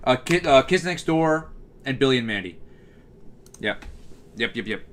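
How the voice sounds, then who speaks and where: A man's voice: mid-range voice, expressive, moderate pace, slight background noise. A man streaming live, chatting casually and reading comments, rambling with fillers and restarts.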